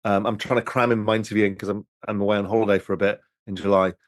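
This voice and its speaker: A man's voice: fairly low pitch, little pitch movement, racing, no echo. A man hosting a casual live-stream chat over drinks, reading out viewer questions in a rambling, candid way that includes swearing.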